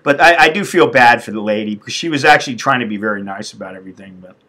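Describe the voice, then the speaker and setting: A man's voice: medium pitch, expressive, quick pace, bright, forceful tone. A middle-aged man from the United States on a casual live stream, blunt, profane and venting. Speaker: expat vlogger.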